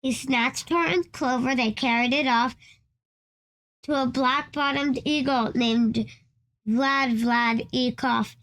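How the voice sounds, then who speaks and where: A woman's voice: sits high, fairly even intonation, slow pace, fairly bright tone. A woman reading a children's storybook aloud, often stumbling and restarting lines. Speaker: storybook reader.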